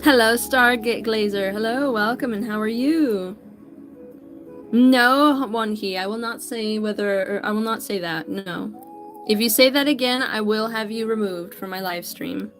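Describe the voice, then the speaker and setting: A digital artist streamer chats casually on her livestream while drawing, greeting viewers by name in an upbeat, talkative way. Her voice is medium-pitched and a bit bright, at a normal speed, with faint music behind her.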